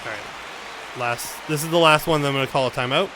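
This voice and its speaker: A young gaming YouTuber talks over his own baseball video game play, venting frustration and swearing as he swings between loud outbursts and low mutters. He speaks a little fast, with background noise behind him.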